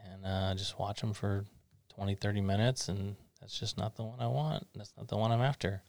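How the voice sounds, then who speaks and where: A middle-aged man hosts a casual interview in an easygoing, rambling way. His voice sits fairly low and has a gravelly fry to it. He is recorded close, with a dry sound. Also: fairly even intonation, normal speed, darkish tone, no room sound. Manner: easygoing, rambling, thinks aloud with fillers. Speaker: podcast host.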